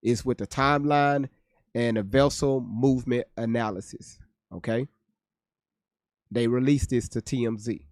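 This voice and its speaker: A man's voice: mid-range voice, fairly even intonation, measured pace, pauses often, no echo. Man, livestream host, casual commentary, joking, cursing, reads chat aloud, dry close sound. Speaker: livestream host reacting to news.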